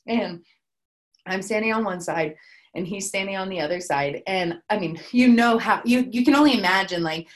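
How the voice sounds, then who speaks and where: A young woman co-founder recounts her company's early days in a lively, chatty way. She jumps into quoted dialogue as she goes, with a mid-range voice. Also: mid-range voice, normal speed. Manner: animated, acts out quoted dialogue. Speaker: startup co-founder. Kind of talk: casual storytelling chat.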